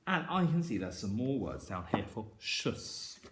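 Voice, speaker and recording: A man teaching phonics at a primary school speaks at an unhurried pace, stretching out each sound for young learners. His pitch rises and falls a lot as he offers steady praise. The recording has a roomy echo with a faint hiss underneath. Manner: sounds out words slowly and clearly for children; encouraging, with frequent praise. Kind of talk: phonics lesson. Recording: echoey room.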